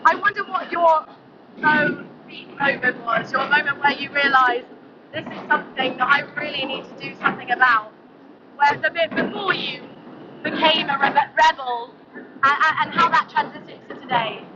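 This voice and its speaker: A woman interviewing an activist on the street at a march, asking long, gentle, probing questions. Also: sits high, normal speed. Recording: dull lo-fi sound, loud street noise.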